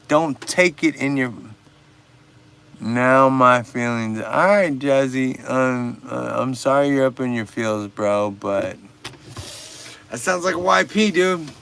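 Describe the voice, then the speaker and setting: Slow, gravelly man with music behind. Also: medium pitch, fairly bright tone. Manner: laid-back, profane, teasing banter. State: stoned. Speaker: livestream host. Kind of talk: casual livestream chat.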